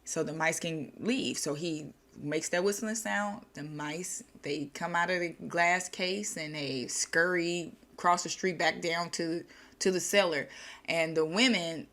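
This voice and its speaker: This young woman, a storyteller and channel host, has a fairly low, slightly bright voice. She casually retells a short story in her own chatty words, full of restarts and slang.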